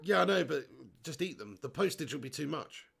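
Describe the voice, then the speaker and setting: Animated gravelly man streaming football. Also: on the high side, brisk. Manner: jokey, swears, laughs often, reads chat aloud. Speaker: football watch-along streamer. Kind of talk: casual live match commentary and chat.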